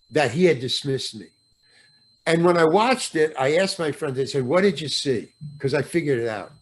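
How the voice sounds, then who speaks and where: Older guy spinning a showbiz yarn, voice a bit high, jumps all over, does everyone's voices, swears a lot. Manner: animated storyteller acting out quoted voices, swears freely. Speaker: actor guest. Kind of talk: storytelling in a podcast interview.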